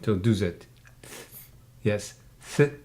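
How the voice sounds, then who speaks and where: A man's voice: fairly low pitch, slow pace. A man tutoring English one-on-one, patiently drilling pronunciation by repeating sounds. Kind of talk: one-on-one language lesson.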